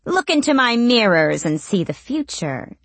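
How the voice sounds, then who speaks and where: A woman's voice: on the high side, very animated, unhurried, fairly bright tone, no echo, voice pushed up, exaggerated voice. A woman voicing an old crone witch who tells fortunes, sly and menacing, with a crooning, taunting manner. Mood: crooning menace.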